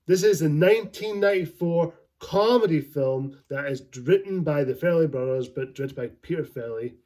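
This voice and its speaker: A man's voice: on the high side, brisk, dark tone. A man giving a casual movie review, rambling and enthusiastic and laughing often as he talks.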